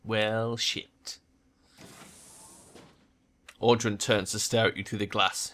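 A man's voice: on the low side, little pitch movement, a little slow, long pauses, fairly bright tone. A man narrating a game playthrough, reading the text aloud with casual, jokey asides. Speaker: let's play narrator.

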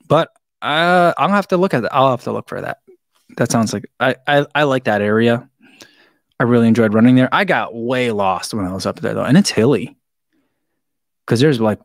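A relaxed man chats through viewer questions on his live stream, rambling easily and chuckling as he goes. His voice sits at an ordinary middle pitch. The sound is close and dry, with almost no room echo. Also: gravelly. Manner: laid-back, rambling, chuckles often. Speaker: running shoe reviewer hosting a live stream. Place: indoor studio room with a wall of shoes.

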